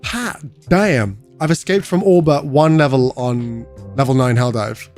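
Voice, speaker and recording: A man's voice: medium pitch, unhurried, darkish tone, soft background music. A young British man chatting casually on a game livestream, joking and answering chat as he goes. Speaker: streamer.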